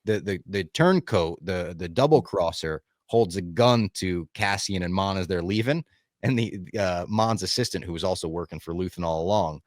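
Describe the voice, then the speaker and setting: A man's voice: sits low, moderate pace, no room sound, studio quality. A man in casual podcast chat, talking with enthusiasm, swearing freely and acting out lines he quotes. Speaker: podcast co-host.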